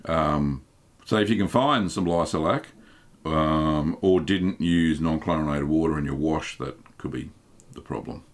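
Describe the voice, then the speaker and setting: An Australian man hosting a live stream, reading viewer chat aloud and answering questions in a relaxed, chatty way with many ums. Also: rumbling low, a little slow. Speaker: host.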